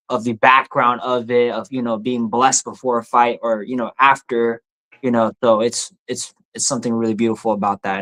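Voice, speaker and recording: Earnest young man, halting speech. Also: mid-range voice, fairly bright tone. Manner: earnest, halting, many fillers and restarts. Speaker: podcast guest. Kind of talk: casual interview chat.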